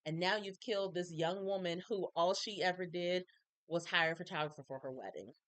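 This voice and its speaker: Frank, animated woman recapping a documentary. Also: fairly low pitch, fairly quick, no echo. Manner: frank and animated, acts out quoted people. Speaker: recap video host. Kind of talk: casual opinionated commentary.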